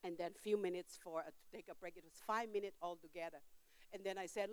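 In church, an older female preacher recounts a story through a sermon, her simple non-standard grammar punctuated by emphatic bursts and hushed asides. Her mid-range voice moves fairly quickly, and the recording has no room sound.

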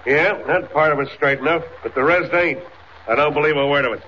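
An actor playing a gruff, blunt police sergeant with slangy, bullying speech, in 1940s radio acting. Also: male voice, a little high, brisk, lightly acted. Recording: dull noisy 1940s radio recording.

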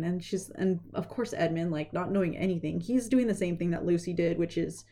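Young woman retelling a story, low-ish voice, mellow, says like a lot, does little voices. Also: a little hiss or hum. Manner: chatty, lots of "like" and "basically", acts out characters in quick voices. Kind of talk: casual story recap.

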